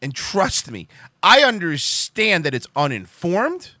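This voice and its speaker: Animated high-voiced male streamer. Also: slow pace, no echo, studio quality. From Cuban heritage. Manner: rambling, profane, joking, laughs often. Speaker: livestream host. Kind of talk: casual live-stream chat with viewers.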